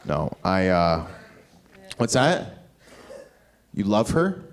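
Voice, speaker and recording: A man's voice: low-pitched, big pitch swings, very slow, poor audio. A man from Canada doing profane, brash stand-up comedy with crowd work on a club stage. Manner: brash, profane, shifts into mocking voices. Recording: live club recording with loud crowd and noise. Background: audience laughter and cheering.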